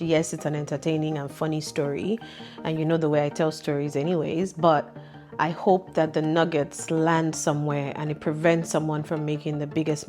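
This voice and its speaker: A woman's voice: low-pitched, a little mellow. A woman hosting a vlog, telling a candid personal story in a casual, chatty way. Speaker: vlog host.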